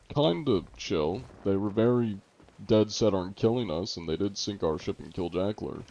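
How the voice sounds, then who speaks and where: A man's voice: lowish voice, mellow, lo-fi sound. A man streaming a game and chatting casually with viewers, laid-back and sarcastic. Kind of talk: casual gameplay chat with viewers.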